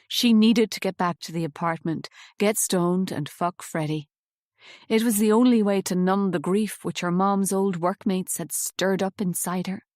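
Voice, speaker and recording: Close-miked in a studio with no echo, a woman narrates a novel as an audiobook. Her mid-range voice keeps a steady, measured storytelling pace.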